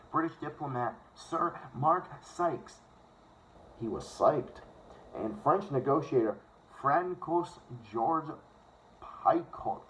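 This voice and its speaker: Foul-mouthed man reading aloud on a phone. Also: mid-range voice. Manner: profane, sarcastic interjections between passages; stumbles over words and corrects himself. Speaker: host reading a book aloud. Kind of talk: casual read-aloud with ranting asides. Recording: dull lo-fi phone recording, faint hiss.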